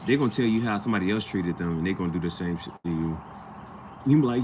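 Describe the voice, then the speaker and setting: A man's voice: fairly low pitch, quick pace, background noise. A man vlogging in a casual, slangy storytelling chat, acting out the people he talks about. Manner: animated, slangy, acts out quoted people.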